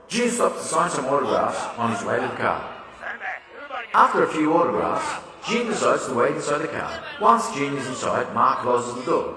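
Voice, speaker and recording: A man reads a comic book story aloud in a plain, descriptive manner. His voice is bright and lively in pitch. He is recorded far from the mic, in a hall with a long echo. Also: brisk, a little hiss or hum. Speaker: narrator. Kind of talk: storybook narration.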